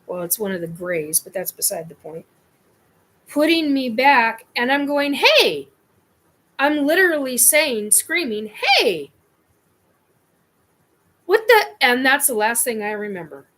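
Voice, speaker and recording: A woman's voice: high-pitched, animated, normal speed, a bit bright. A woman hosting her own show, telling a personal experience in a scattered, rambling way. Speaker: host.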